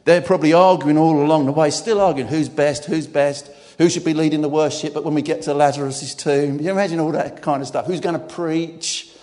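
A man's voice: fairly high pitch, steady tone, a little fast, few pauses. Man preaching in a reverberant hall. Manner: emphatic, preaching with sudden loud outbursts. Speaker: guest preacher. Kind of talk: sermon. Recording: long church-hall reverb.

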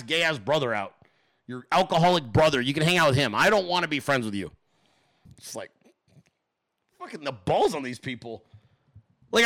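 Slightly high with a sharp tone, the man hosting this political commentary stream rants sarcastically and profanely. He keeps throwing mocking rhetorical questions at the audience.

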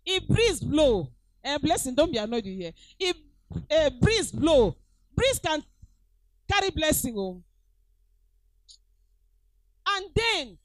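High, lively Nigerian woman preaching. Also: no room sound, rough recording. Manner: emphatic, repeats phrases and calls out to the congregation. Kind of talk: sermon.

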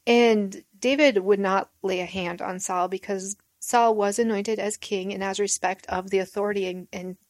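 A woman's voice: medium pitch, fairly even intonation, moderate pace, hardly any pauses, dry recording. A woman leading a Bible study, reading verses and explaining them in a plain, reflective way with repeated points. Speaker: Bible teacher.

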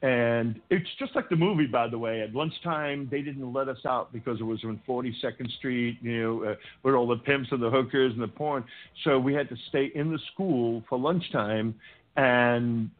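A man's voice: mid-range voice, normal speed. An older man, a podcast guest, telling wild stories from his youth in a casual interview, stammering through restarts and acting out the people he quotes. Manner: animated storyteller, acts out quotes with shouting, stammering restarts. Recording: tinny phone-like line.

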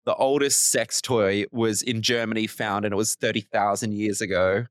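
A man co-hosting a podcast in casual chat, talkative and quick to laugh. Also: lowish voice, steady tone, no echo, studio quality. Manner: chatty, laughs often. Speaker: podcast co-host.

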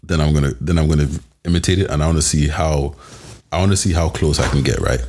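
A man's voice: very deep voice, fast, darkish tone. A young man co-hosting a podcast, chatting casually and teasing in a loose, slangy way. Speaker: podcast co-host. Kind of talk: casual chat.

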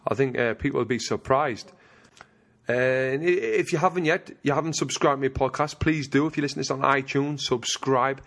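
Brief: male podcast host, mid-pitched voice, friendly matey chat. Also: brisk, creaky, a bit bright. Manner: friendly and matey, says "mate" often. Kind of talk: casual interview chat.

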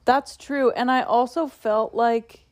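Podcast co-host, woman, slightly high voice, chatty and quick to laugh, close dry mic. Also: steady tone, no echo. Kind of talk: casual chat.

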